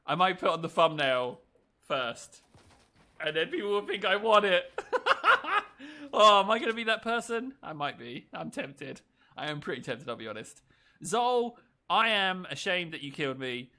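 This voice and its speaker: A man's voice: high voice, very animated, normal speed, pushed and bright. A man giving casual, joking, self-mocking commentary over a video game match.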